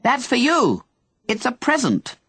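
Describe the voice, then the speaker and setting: A man voicing an eager, giddy man who shouts cheerfully and apologizes sheepishly in a storybook reading. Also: high voice, wildly swooping pitch, fairly quick, breathy edge, no echo, voice pushed up, full character voice. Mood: calling out.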